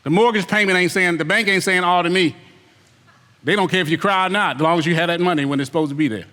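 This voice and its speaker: A man's voice: high-pitched, quick pace, pushed and bright, big-room sound. A man preaching a sermon as an elder, emphatic and repetitive, firing rhetorical questions at the congregation. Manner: mimics lazy excuses in put-on voices.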